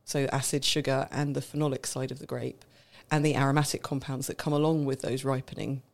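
A woman's voice: a bass voice, little pitch movement, fairly quick, gravelly. Chatty woman explaining with a laugh. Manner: knowledgeable, explains at length, laughs often. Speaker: wine expert co-host. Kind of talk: casual podcast chat.

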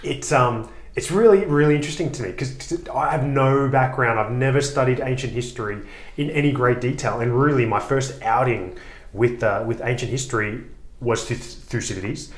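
A man's voice: mid-range voice, moderate pace, reverberant. A man co-hosting a comedy podcast, rambling and self-mocking in casual chat. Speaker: podcast co-host.

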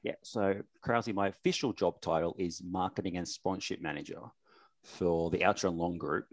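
Guest: man, very deep voice, relaxed and cheerful, dry close sound. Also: dry recording. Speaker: sponsorship manager guest. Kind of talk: casual interview chat.

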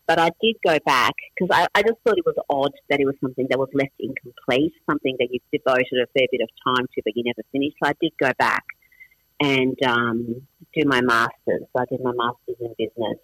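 A man's voice: mid-range voice, a little fast, a bit bright, husky, no echo, rough recording. A middle-aged man with an Australian accent, born in Iran with Farsi as his first language, chatting casually as an interview guest, self-deprecating and full of restarts and fillers.

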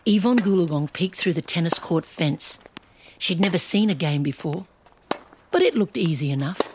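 Low-voiced woman storyteller. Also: animated, moderate pace, a little mellow, slight background noise. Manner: punchy sound effects in the reading. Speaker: narrator. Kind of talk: storytelling narration.

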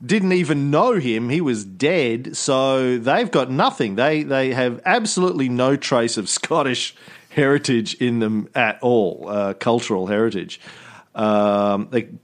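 A man's voice: mid-range voice, expressive, measured pace. An Australian man chatting casually as a podcast host, rambling and joking with frequent restarts. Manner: rambling, jokey, with repeated restarts. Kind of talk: casual chat.

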